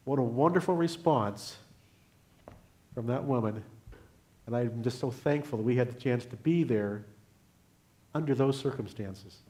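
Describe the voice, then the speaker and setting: Older man, guest preacher, earnest storytelling, average pitch. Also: a little mellow. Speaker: guest speaker. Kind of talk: sermon testimony.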